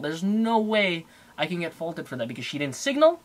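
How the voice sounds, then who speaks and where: A young man telling a story in a casual, heated rant, full of fillers. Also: on the high side. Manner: animated, heated, fast with fillers. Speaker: car vlogger.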